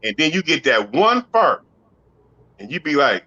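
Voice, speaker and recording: A stand-up comedian with a high, bright, forceful voice tears through a rowdy, profane routine full of slang. He keeps slipping into acted-out voices. The live recording is dry and a little dull. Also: sing-song, measured pace, pauses often, dry recording. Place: comedy club.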